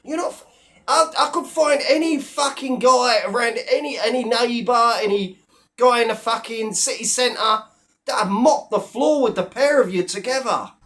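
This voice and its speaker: A man's voice: extremely high pitch, normal speed, fairly bright tone. A man rants straight to his viewers, blunt and full of swearing. His tone stays scornful and mocking as he tears into his targets. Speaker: online commentator. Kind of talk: profane rant to camera.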